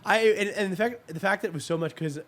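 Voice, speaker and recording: A young man co-hosting a podcast, telling a story in casual chat and acting out the other people's lines. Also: sits high. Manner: fast, animated storyteller acting out quotes. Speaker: podcast co-host.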